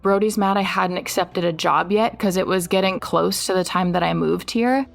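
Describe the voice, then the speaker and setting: A woman from Iowa, a nurse, steadily recounting her own story and flatly reading out text messages. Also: on the low side, moderate pace, creaky, soft background music. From Iowa, USA. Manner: steady, reads his texts aloud flatly. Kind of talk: personal true-crime testimony.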